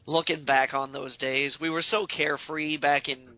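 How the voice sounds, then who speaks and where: A male podcast host who rambles through exaggerated comic riffs in a casual chat. His voice sits a little high. The recording is dry and muffled, like a lo-fi home setup. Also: level tone, normal speed, dry recording.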